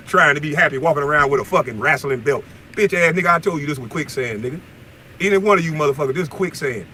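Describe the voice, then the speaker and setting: Furious fast-talking man ranting in a car. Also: fairly high pitch, slight background noise. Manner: heated, insulting, shouting at times. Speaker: former basketball player ranting on video. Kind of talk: angry profane rant.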